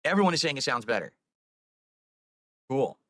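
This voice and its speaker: A man's voice: mid-range voice, big pitch swings, normal speed, sharp tone, dry recording. A man streamer talking on a live stream, explaining himself at length in a rambling, defensive way. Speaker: video game streamer.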